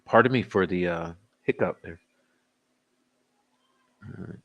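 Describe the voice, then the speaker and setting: In a muffled recording, a deep-voiced livestream host with vocal fry takes his time wrapping up a casual chat session. A bit tipsy and giggly, he trades jokes with viewers and laughs frequently.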